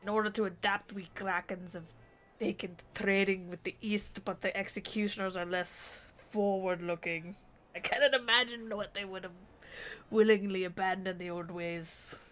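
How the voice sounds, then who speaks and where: A loud, swaggering pirate captain, as a woman acts him out, booming with a theatrical, attempted Scottish pirate lilt. The voice is mid-pitched, with faint music behind it. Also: fairly even intonation, normal speed, lightly acted. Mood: scheming.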